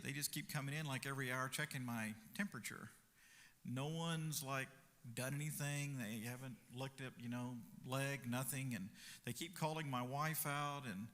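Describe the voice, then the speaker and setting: A man preaching a sermon and telling a personal story in a conversational way, with fillers and quick asides. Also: mid-range voice, sharp tone. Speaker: pastor. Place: church sanctuary. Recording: reverberant church hall.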